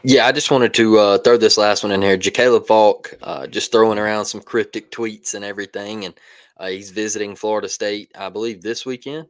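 A man's voice: lowish voice, fairly even intonation, brisk, dry recording. A man co-hosting a sports podcast, asking a question in a hesitant, worried way. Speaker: podcast co-host. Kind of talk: podcast interview.

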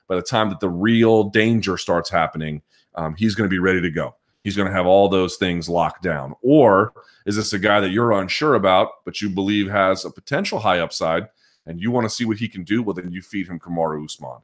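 A man hosting a live podcast chat, thinking out loud and restarting his sentences as he answers viewers' questions. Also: low-pitched. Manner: thinking aloud, frequent restarts and hedging. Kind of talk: casual live chat commentary.

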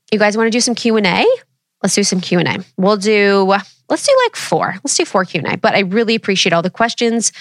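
A woman's voice: mid-range voice, no echo. Casting note: woman in her thirties, solo podcast host, loose and candid, salty language, dry close sound. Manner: candid, rambling, swears freely, lively quoted asides. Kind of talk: casual solo chat.

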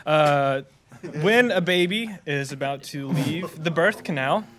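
A man with a bright, slightly high voice playfully spins a silly made-up story on a comedy game show, chuckling as he goes. His delivery is loose and improvised. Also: slow pace. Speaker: game contestant.

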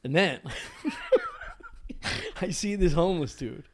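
A man's voice: a little high, lively intonation, slow. A man co-hosting a podcast, telling a story in casual, profane chat and laughing often. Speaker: podcast co-host.

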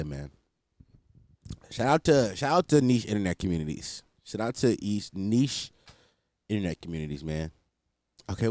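A man's voice: on the low side, a little mellow, dry recording. A young man hosting a solo podcast, rambling casually with lots of swearing and self-deprecating asides. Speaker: podcast host.

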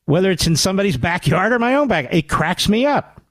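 A fairly high-voiced man hosting a radio talk show, his pitch swinging widely as he rants. He sounds sarcastic and indignant and fires off rhetorical questions. The studio sound is close and dry. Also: sing-song, a little fast, no room sound. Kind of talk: combative political commentary.

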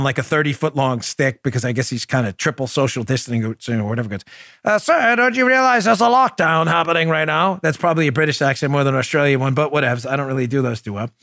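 A man's voice: mid-range voice, a bit bright, no echo, clean studio sound. A man hosting a political talk show, delivering an impassioned, emphatic monologue with lots of repetition.

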